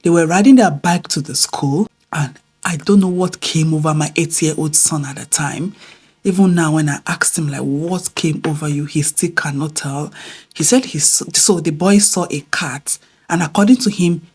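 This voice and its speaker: A middle-aged woman vlogger casually telling a family story to camera, animated, swinging between loud exclamations and hushed near-whispers. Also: low-pitched, moderate pace, slightly rough.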